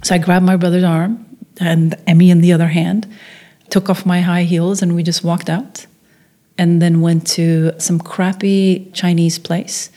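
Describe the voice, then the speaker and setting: A middle-aged woman from Norway, appearing as a filmmaker guest, narrates a story animatedly and performs the voices of those she quotes. She speaks unhurriedly in a lowish voice.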